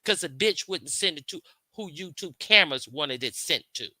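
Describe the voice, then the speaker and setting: A woman's voice: low voice, animated, normal speed, sharp tone, no room sound. A woman hosting her own stream, talking straight to her viewers in a heated, profane rant, repeating herself and firing questions at her critics. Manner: confrontational, profane, repetitive. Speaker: livestream host.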